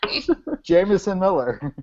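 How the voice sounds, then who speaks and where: A man's voice: sits high, animated, moderate pace. A man hosting an online video call meetup, chatting casually and joking, with loose fillers as he calls on people. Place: home, coming in over a video call. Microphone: video call microphone. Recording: dull lo-fi video call audio.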